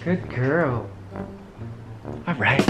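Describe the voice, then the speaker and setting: A man vlogging at home, talking to his pet parrot in coaxing, sing-song baby talk between calm explanations. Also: mid-range voice, drawn-out words, over music.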